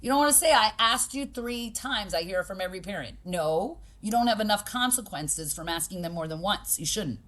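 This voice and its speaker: A woman's voice: on the low side, lively intonation, fast, few pauses. Emphatic woman talking in an interview. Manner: emphatic, acts out quoted people; direct, pragmatic. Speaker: podcast guest, boxing gym owner. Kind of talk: conversational interview.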